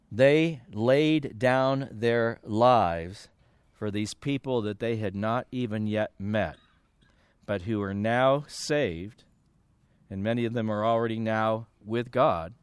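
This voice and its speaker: A man preaching a sermon as pastor, earnest, swinging between emphatic rises and hushed low passages. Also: clear, resonant tone, dry recording, clean studio sound.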